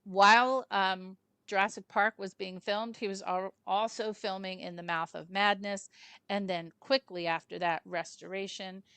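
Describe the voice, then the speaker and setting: A woman's voice: medium pitch, fairly even intonation, normal speed, a bit bright, clear, resonant tone, no room sound. Chatty woman hosting a film chat. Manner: chatty, rambling, with many asides and fillers. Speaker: film club host. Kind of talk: casual film review chat.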